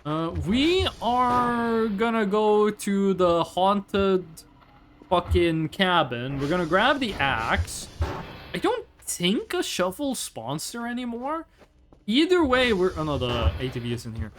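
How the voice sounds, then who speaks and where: A man's voice: high voice, sing-song, slow pace, background noise. A man in his twenties chatting casually and profanely with his chat while streaming a game. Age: 20s. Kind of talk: casual live game commentary.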